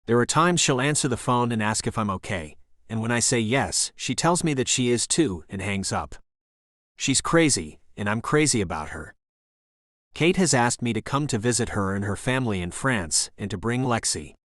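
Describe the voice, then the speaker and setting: A man narrating a romance audiobook in the first person, earnest and heartfelt. His voice sits at an ordinary middle pitch. The sound is dry and close, with no room echo. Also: expressive, moderate pace, a bit bright.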